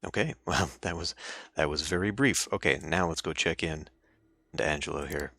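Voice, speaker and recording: A man's voice: extremely low pitch, moderate pace, gravelly, fairly bright tone, no echo. A man playing a story game, reading its narration aloud and breaking off into casual joking asides. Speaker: let's play streamer.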